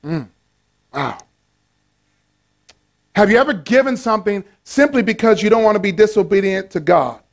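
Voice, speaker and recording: High-voiced, lively man preaching. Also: moderate pace, gravelly, long pauses. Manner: animated, playful preaching with call-and-response. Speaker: pastor. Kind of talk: sermon.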